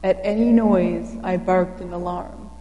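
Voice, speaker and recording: A woman's voice: lowish voice, fairly even intonation, a little slow, roomy sound, long reverb tail, dull audio, natural voice. A woman voicing a watchful farm dog in a storybook. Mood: protective.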